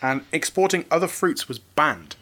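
A man's voice: a little high, lively intonation, normal speed, sharp tone. A man co-hosting a casual podcast chat, explaining history and spelling out terms as he goes.

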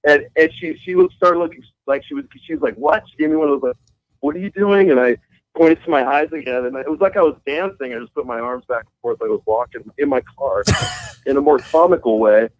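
A man calls in to a show and spins a rambling tale at a middle pitch, swearing freely and laughing through it. The call comes over a muffled phone line with the high end dulled. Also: fast talker. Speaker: guitarist calling in as guest. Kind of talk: casual storytelling over the phone.

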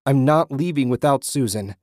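A man's voice: on the low side, measured pace, a little mellow, breathy edge, dry recording, clean studio sound. A man voicing a desperate injured man who pleads and cries out in anguish. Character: injured desperate middle-aged man, panicked.

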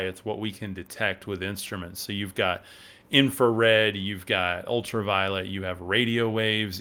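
A man with a drawl who hosts a podcast and talks in a loose, rambling way, reading viewer comments aloud and riffing on them. His voice sits fairly low, yet it sounds bright and forward. The tone stays smooth and clear throughout. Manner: rambling, conversational, reads and answers viewer comments. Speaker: podcast host. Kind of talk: casual livestream commentary on a religious text.

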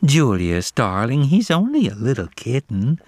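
A man's voice: medium pitch, very animated, unhurried, darkish tone, no echo. A man voicing a sly, pampered female cat who coos in a falsely sweet voice. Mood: cooing.

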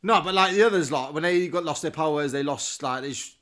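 Teasing man with a higher voice. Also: brisk, a bit bright. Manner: teasing, asks short pointed questions. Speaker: film review podcast host. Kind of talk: casual chat.

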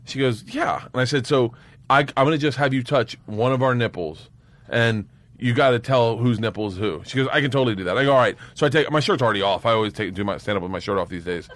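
A man, a guest comedian, telling profane stage anecdotes and breaking into high bursts of laughter. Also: quick pace, fairly bright tone. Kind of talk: storytelling anecdotes.

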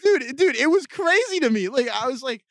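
A man in casual podcast chat, telling a story with animated energy, swearing freely and laughing often. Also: very high-pitched, normal speed, dry recording, studio quality.

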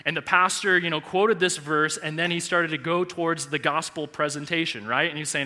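A male pastor in his thirties preaching a sermon in a large church, telling a personal story with animated, heartfelt delivery. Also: fairly high pitch, fairly quick, hardly any pauses. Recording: echoey church hall reverb.

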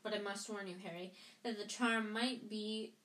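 A woman's voice: medium pitch, steady tone, moderate pace, fairly bright tone, natural voice. A woman voicing a kindly male wizard teacher, explaining patiently in a home reading. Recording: roomy echo.

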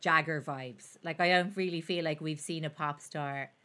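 A woman's voice: sits low, fairly even intonation, normal speed, a bit bright. A woman hosting a podcast, chatting in a wry, self-deprecating way. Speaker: podcast host. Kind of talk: casual chat.

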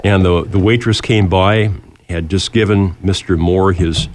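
A man's voice: low voice, steady tone, a little slow, darkish tone, slight background noise. A man hosting an interview, chatty and fond of telling stories. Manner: chatty storyteller. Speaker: radio host. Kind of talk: interview talk.

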